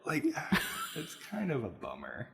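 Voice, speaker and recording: A man co-hosting a casual podcast chat, telling stories with animated laughter. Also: medium pitch, measured pace, creaky, husky. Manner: animated storyteller, laughs while telling anecdotes. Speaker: podcast co-host.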